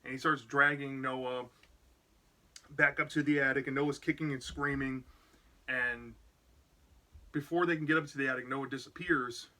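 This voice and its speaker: A man's voice: medium pitch, steady tone, normal speed, pauses often, sharp tone. A man casually retelling a book's plot as a reviewer, rambling with lots of "like" and "you know". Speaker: book reviewer.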